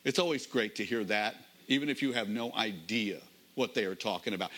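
A middle-aged man, a pastor, preaching a sermon in a conversational storytelling manner, slowing down to stress key phrases. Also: medium pitch, big pitch swings, pushed and bright.

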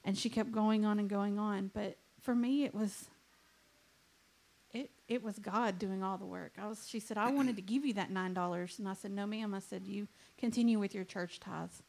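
A woman's voice: mid-range voice, fairly even intonation, moderate pace, creaky, a little mellow. A woman in church telling her own story, plainly and earnestly. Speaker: church member giving testimony. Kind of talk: testimony story.

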